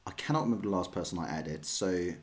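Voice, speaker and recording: A deep, fast-talking English man streams chess, answering viewers' questions. He's chatty and rambling, with a self-deprecating streak.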